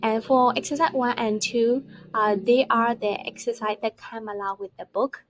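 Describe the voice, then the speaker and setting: A woman teaching vocabulary over slides, explaining step by step and repeating words slowly to show their stress. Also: on the high side, steady tone, a little hiss or hum. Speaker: English teacher.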